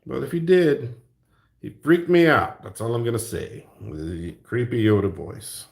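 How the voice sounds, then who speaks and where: Slow, gravelly-voiced man rambling jokingly. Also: medium pitch, big pitch swings, darkish tone. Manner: jokey, rambling, laughs often. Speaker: YouTube art channel host. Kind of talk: rambling casual chat while crafting.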